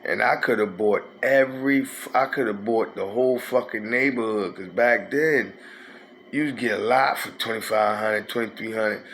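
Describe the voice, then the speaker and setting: A man's voice: on the low side, normal speed, a bit bright, a little hiss or hum. A man, telling a rambling, profane street story in a casual way. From North Philadelphia. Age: 50s.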